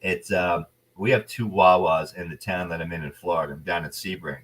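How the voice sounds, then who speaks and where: Low-voiced New Jersey man, animated storyteller. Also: fairly quick, husky, far from the mic. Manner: animated storyteller, playful and blunt. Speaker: actor guest. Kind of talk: casual interview chat.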